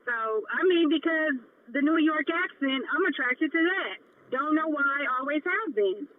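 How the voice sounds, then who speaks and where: A woman's voice: sits high, expressive, measured pace. A woman caller on a phone line, asking frank questions in casual chat.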